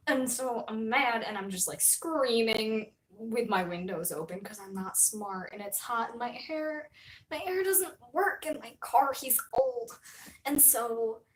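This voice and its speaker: Animated young woman streamer. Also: on the high side, takes it slowly, low-quality recording. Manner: animated storytelling, swings loud and soft. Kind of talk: casual live-stream chat.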